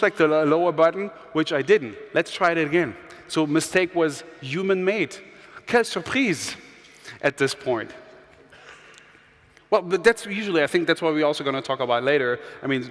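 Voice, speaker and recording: A man's voice: a little high, fairly bright tone. A man moderating on stage, chatty and full of "like" and restarts. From Germany. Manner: chatty, filler-heavy, with restarts and "like". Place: large trade-fair hall. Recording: hall reverb from the stage mic.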